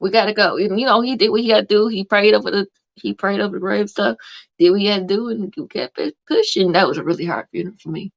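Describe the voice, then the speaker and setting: A woman hosts a casual live podcast, her voice gravelly with vocal fry. She rambles through her stories, full of fillers. The sound is dull and lo-fi. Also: medium pitch, fast. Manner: rambling storyteller with many fillers. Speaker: podcast host.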